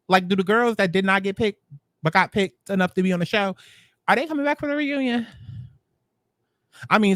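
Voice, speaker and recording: A high-pitched man delivers a sassy, dramatic reality-show recap, mocking the cast as he goes. His voice is close and dry with no room sound. The delivery is casual and gossipy. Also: no room sound.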